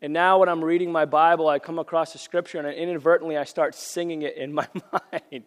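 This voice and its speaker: Earnest preacher with a cold, big hall. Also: male voice, a little high, level tone, fairly quick. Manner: earnest, repeats phrases for emphasis. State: losing his voice from a cold. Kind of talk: sermon. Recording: long reverb of a large hall.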